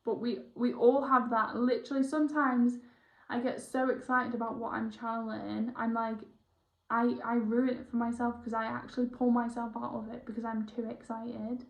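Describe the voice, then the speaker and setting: A young woman, a spiritual healer chatting excitably through a one-on-one session, rambling and correcting herself as she goes. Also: on the high side, normal speed, creaky. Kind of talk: casual one-on-one session chat. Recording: roomy, dull lo-fi sound.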